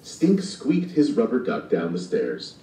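Slow expressive man reading a storybook. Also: fairly low pitch. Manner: expressive with sound effects. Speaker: storybook narrator. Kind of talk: children's storybook read-aloud. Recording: distant and echoey playback.

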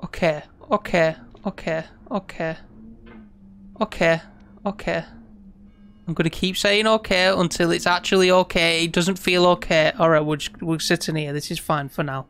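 A man streaming live gameplay, frustrated and swearing, then coaxing himself to stay calm. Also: high voice, a little fast, few pauses, a little hiss or hum.

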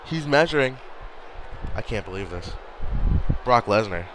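A tired man giving excited, disbelieving play-by-play wrestling commentary with rambling asides. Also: mid-range voice, unhurried, slight background noise.

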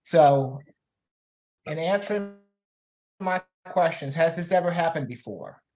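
A man serving as a judge, questioning a witness over a video call in a measured, stern way with frequent fillers. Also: a little high, darkish tone. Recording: lo-fi call audio.

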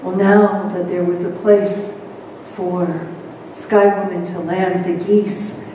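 A woman minister telling a story in a sermon, slowly and dramatically. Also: on the low side, little pitch movement, noisy background. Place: church sanctuary. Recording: echoey church hall, mic far off.

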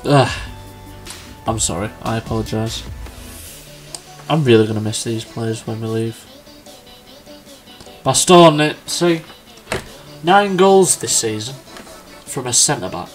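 A young man casually commenting on a football management game, chatty and excitable. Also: mid-range voice. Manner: chatty, excitable, quick laughs and exclamations. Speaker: gaming YouTuber. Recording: faint background music.

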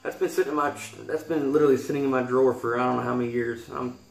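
A man's voice: mid-range voice, steady tone, very fast, creaky. A man in his thirties with a Kentucky Southern accent, reading a poem and then talking earnestly in a vlog, rambling and restarting his sentences. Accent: Kentucky Southern American. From Kentucky, USA. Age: 30s. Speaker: YouTuber. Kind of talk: poetry reading and heartfelt vlog talk. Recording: roomy echo with faint guitar music.

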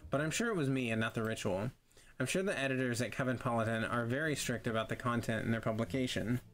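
A man's voice: medium pitch, fast, fairly bright tone, natural voice. A man reading out the lines of a flustered, chatty woman witch in a video game, in an eager, rambling, self-conscious way. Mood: flustered chatter.

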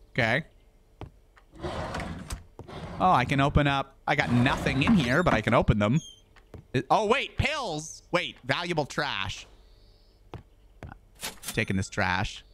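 A man's voice: mid-range voice, sing-song, slow pace, long pauses, noisy background. A man streaming a video game, chatting casually as he plays, rambling and joking with frequent swearing. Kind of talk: casual gameplay commentary.

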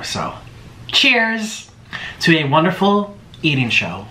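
Man, excitable eating-show host, lively swooping voice, bright tone, echoey room with faint background noise. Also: brisk. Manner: hyper and excitable, swooping pitch. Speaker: mukbang host. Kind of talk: casual eating-show chat to camera. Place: home in Florida.

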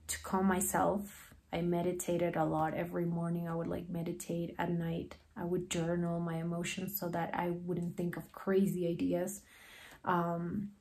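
Heartfelt rambling woman, lower voice. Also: darkish tone. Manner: heartfelt, rambling, many fillers like "you know" and "like". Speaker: guest telling her story. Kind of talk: emotional personal storytelling.

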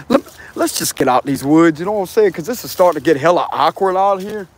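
In a fairly high, brisk voice with lively intonation, a tarot reader walks an outdoor wooded trail chatting to his viewers. He keeps it casual and relaxed, swearing, using slang and laughing often as he vlogs.

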